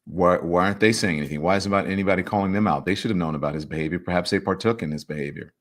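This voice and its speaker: A male talk show host with a somewhat low-pitched voice, running a livestream and reading out comments from viewers. He talks in an animated, emphatic way and adds playful, teasing asides. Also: very fast.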